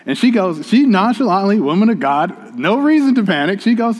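A man's voice: high voice, big pitch swings, moderate pace. Male pastor, conversational, reverberant hall. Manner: conversational storytelling, addressing the congregation. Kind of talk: sermon.

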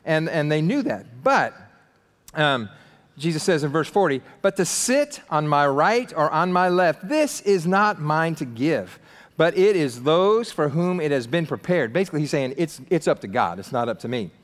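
A man preaching a casual, animated sermon, acting out voices of the people in the story with slang and jokes. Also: on the high side, moderate pace, in a large hall. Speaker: pastor.

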